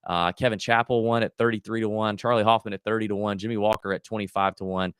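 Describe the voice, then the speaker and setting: A man's voice: fairly low pitch, steady tone, fast talker, fairly bright tone, smooth, no echo, clean studio sound. A man hosting a golf betting livestream, chatting casually and thinking aloud with lots of fillers and restarts. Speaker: golf betting podcast host.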